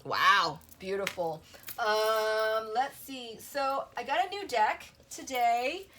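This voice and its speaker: A woman's voice: a little high, takes it slowly, bright, forceful tone. Gushing woman doing a tarot reading. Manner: gushing, breathy exclamations, repeats "okay?" and "you know". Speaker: tarot reader. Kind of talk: spiritual tarot reading to camera.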